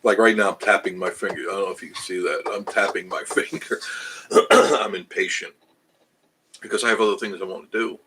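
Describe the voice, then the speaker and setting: A man's voice: low voice, brisk, background noise. An older man hosting a casual livestream, chatting with viewers in a rambling, self-amused way. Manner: rambling, chatty, restarts, laughs at himself. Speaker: travel channel host reading live chat.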